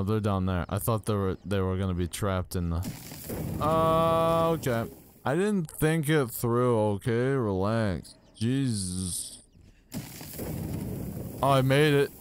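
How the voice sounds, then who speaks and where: A young man casually commenting as he plays a video game, with excitable, self-mocking reactions into a desk microphone. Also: medium pitch, clean tone. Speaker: gaming YouTuber. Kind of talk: casual let's-play commentary. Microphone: new desk microphone.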